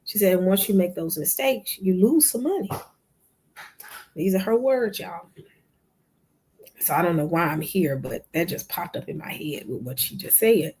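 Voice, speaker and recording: A woman with a lowish, husky voice hosts a live online show. She speaks loosely and conversationally to her viewers, calling them "y'all" and acting out the back-and-forth of a conversation she had. The tone is a relaxed storytelling chat. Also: normal speed, pauses often. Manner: chatty, addresses viewers as "y'all", retells conversations in quoted dialogue. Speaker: livestream show host. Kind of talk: casual storytelling to a live audience.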